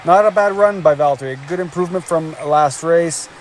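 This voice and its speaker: A man giving energetic play-by-play commentary on a race as the show's host, calling lap times and cheering the drivers on. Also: fairly high pitch, normal speed, a little hiss or hum.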